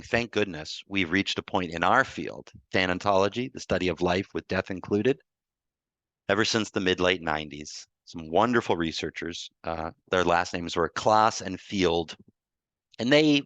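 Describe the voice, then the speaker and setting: A man with a very low voice tells a personal story over a video call, halting and restarting as tears come close. The sound is dry and close, with no room around it. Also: pushed and bright, no room sound. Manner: emotional, halting with repeated restarts. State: tearful. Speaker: guest speaker on grief. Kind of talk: personal storytelling in a group talk.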